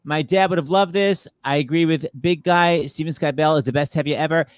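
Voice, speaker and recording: Gushing, high-voiced male host. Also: brisk, smooth, dry recording. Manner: gushing, enthusiastic. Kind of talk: casual chat.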